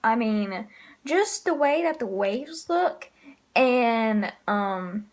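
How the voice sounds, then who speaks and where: High-voiced, slow, rambling woman reviewer. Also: expressive. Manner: rambling, full of ums and likes, laughs often. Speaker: manga chapter reviewer. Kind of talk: casual spoken review.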